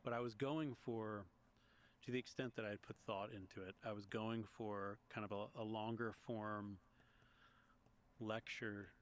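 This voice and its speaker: A man's voice: fairly low pitch, steady tone, measured pace. A man from Long Island being interviewed as a guest, talking through his story in a reflective, storytelling way with small restarts. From Long Island, United States. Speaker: guest, history podcaster and author. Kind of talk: conversational interview.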